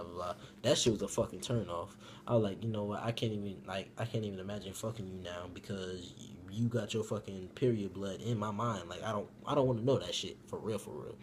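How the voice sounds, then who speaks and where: A young man telling a personal story in a casual story-time vlog, profane and animated, swinging from loud outbursts to low mumbles. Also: slight background noise.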